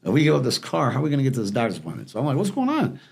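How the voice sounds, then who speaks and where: A man's voice: mid-range voice, creaky, breathy edge. A man casually telling stories as a podcast guest, acting out the people in them. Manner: fast, animated storyteller acting out quoted people. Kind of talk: casual storytelling.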